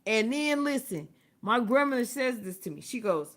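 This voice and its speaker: A woman's voice: on the high side, very animated, moderate pace, fairly bright tone. A woman hosting a livestream, telling a story in casual, profane talk and laughing often. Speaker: livestream host. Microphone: phone or webcam, livestream.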